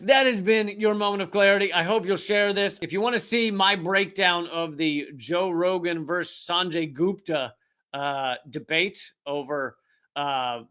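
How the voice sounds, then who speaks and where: A man's voice: on the high side, sharp tone, clear, resonant tone. A man hosting a comedic political commentary show, talking to camera in a sarcastic, profane monologue with rambling asides.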